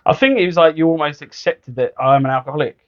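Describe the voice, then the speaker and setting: A man's voice: a little high, fast, no echo. A man, co-hosting a podcast with his brother and teasing him in dry banter. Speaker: podcast co-host, host's brother. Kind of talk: casual chat. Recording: dull lo-fi podcast audio.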